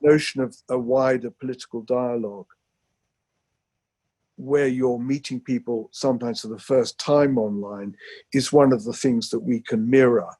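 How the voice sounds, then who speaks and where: A man co-leading an online seminar over a video call, explaining in a measured way. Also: mid-range voice, steady tone, darkish tone, slightly rough, no room sound.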